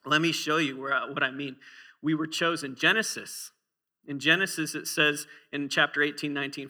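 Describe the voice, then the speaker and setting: A man's voice: on the high side, moderate pace, sharp tone. A man in his forties preaching a sermon in a church, conversational and humorous, often asking the congregation questions.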